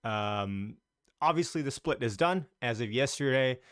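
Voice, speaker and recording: This man hosts a casual, chatty live stream about the market, greeting viewers as he goes and speaking in loose sentences that keep restarting. His voice is medium-pitched and fairly bright, with lively intonation and a slightly slow pace. The recording is clean studio sound with no room echo.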